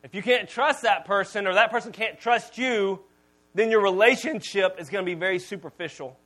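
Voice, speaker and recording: A man in his thirties, a pastor, preaches a sermon in a conversational, storytelling way, his volume swinging between loud and soft. His voice sits high and moves a little fast.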